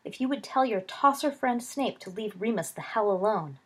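A woman voicing a brash, hot-tempered teenage schoolboy wizard, heated and hissing, in a husky voice. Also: mid-range voice, expressive, normal speed, pitched above the performer's own voice.

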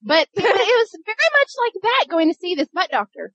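A woman's voice: very high voice, sing-song, fairly quick, a bit bright, no room sound, dull audio. A woman co-hosting a podcast in casual chat, bubbly and chatty. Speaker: podcast co-host.

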